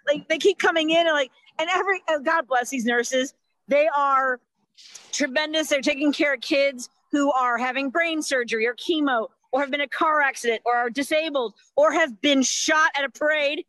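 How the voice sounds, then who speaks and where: A woman's voice: high-pitched, a bit bright, no room sound, low-quality recording. A woman comedian giving a rambling, exasperated stand-up rant over a video call. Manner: rambling, exasperated, quick to joke.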